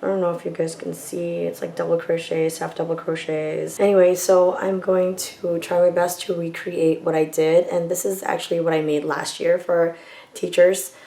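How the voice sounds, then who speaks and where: A woman hosts a relaxed crochet tutorial with a hoarse, gravelly voice that sits a little low. She rambles and corrects herself as she goes. The room around her rings with noticeable echo. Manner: rambling, self-correcting, chatty. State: hoarse, lost voice. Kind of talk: casual tutorial talk. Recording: roomy echo.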